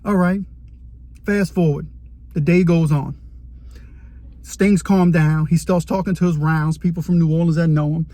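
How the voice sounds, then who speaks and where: A man telling a story about his time in prison, animated and dramatic, acting out what he saw. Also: a little high, normal speed, long pauses, no echo. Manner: animated, vivid, dramatic retelling. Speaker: storyteller, former inmate. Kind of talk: casual storytelling to camera.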